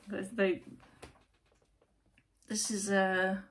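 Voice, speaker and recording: Female tarot host, casual and emphatic, drawn-out unhurried delivery, keeps interrupting herself. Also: mid-range voice, expressive. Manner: chatty, rambling, self-interrupting, emphatic. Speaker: tarot reader, channel host. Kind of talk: casual tarot reading to camera. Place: at home, lit by her computer.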